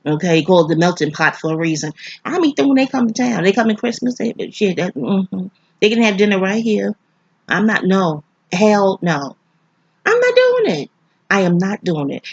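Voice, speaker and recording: A woman's voice: mid-range voice, breathy edge, dry recording. A groggy woman from New York rambling through a movie review, profane and digressive. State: groggy, sleepy. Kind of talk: rambling casual monologue. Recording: slightly dull, dry recording.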